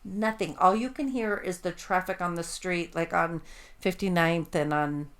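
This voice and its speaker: A woman co-hosting a casual podcast chat, excitable and rambling, swearing freely as she tells stories. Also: on the low side, moderate pace. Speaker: podcast co-host.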